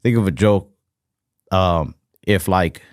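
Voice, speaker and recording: A man's voice: low-pitched, slow, dry recording, clean studio sound. A man co-hosting a podcast in casual chat, rambling and swearing, full of fillers and hesitations. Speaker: podcast co-host.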